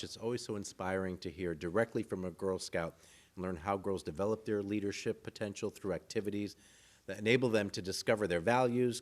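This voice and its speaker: A man hosting a virtual event, chatty and informal, reading out recipes and trivia questions. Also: low voice. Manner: chatty, reads recipes aloud, eats while talking. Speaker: event host.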